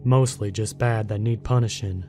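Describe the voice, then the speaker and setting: A man voicing a huge, rough male mountain guardian with a deep rumbling voice, a thick rural accent and a blunt, serious, folksy way of talking. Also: fairly even intonation, normal speed, a little mellow, soft background music, lightly acted.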